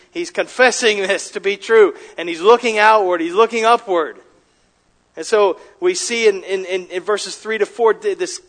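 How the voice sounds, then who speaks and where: A man's voice: sits high, fairly bright tone. A man preaching a sermon as pastor, earnest and emphatic, often restarting his phrases.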